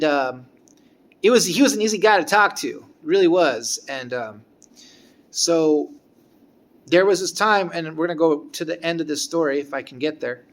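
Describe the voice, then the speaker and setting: Man, slightly high voice, casual rambling storyteller with lots of restarts. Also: a bit bright. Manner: rambling, halting, with frequent restarts. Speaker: former guitar student.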